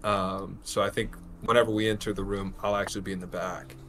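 A man's voice: low voice, flat delivery, fairly quick, a bit bright. A man playing in a tabletop game, talking in a laid-back, joking way. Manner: laid-back, laughing, with fillers. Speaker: player. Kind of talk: casual tabletop play.

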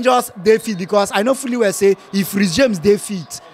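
Young Nigerian male football fan, Pidgin English, high voice, lively and laughing, casual match reaction. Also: moderate pace, few pauses. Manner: lively, laughs often, repeats phrases. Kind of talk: casual post-match chat.

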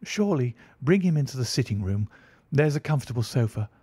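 A man voicing a gracious young woman of the house in an audiobook, speaking gently and politely. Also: mid-range voice, big pitch swings, a little fast, breathy edge, no room sound, voice pushed up. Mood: concerned. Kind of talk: audiobook reading.

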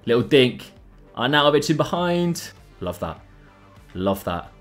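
Young guy commentating his football game, gets loud and excitable on chances, faint music behind. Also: unhurried, pauses often. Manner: excitable, jumps in pitch at big chances. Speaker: gaming YouTuber. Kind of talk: gameplay commentary.

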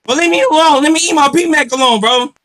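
Very high-voiced shouty man. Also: fast. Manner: shouty, excitable, slangy, lots of "bro". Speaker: gaming video creator. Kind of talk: loud comedic game voice chat. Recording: music playing loudly under the voice.

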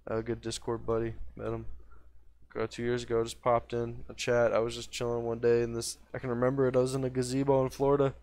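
A man with a gravelly, fry-heavy voice at an ordinary middle pitch, chatting on a game stream. He is high and rambles, wandering between thoughts and losing the thread before picking it up again. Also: monotone, fast talker, a little mellow. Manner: rambling, scattered, trails off mid-thought. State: high after smoking. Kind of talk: casual rambling stream chat.

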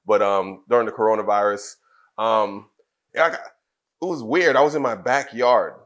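A middle-aged man from Trinidad, a former wrestler, telling personal stories as an interview guest in a halting, candid way with many fillers and restarts. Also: lowish voice, a bit bright. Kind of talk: casual interview storytelling.

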